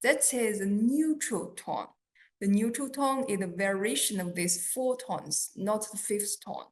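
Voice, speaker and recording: A woman with a Chinese accent teaching a beginner lesson, patient and deliberate, drawing out sounds to demonstrate them. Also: medium pitch, a little mellow.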